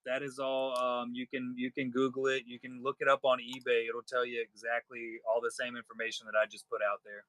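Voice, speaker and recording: A man's voice: mid-range voice, a bit bright, no room sound. A man hosting a live-stream card sale, chatting casually and joking with viewers. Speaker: livestream seller host.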